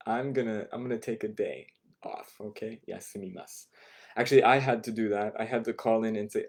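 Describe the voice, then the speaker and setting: A man with a fairly low, slightly mellow voice and fairly even intonation teaches a beginner language class online. He explains phrases patiently, repeats them slowly for learners, and often checks in with "right?".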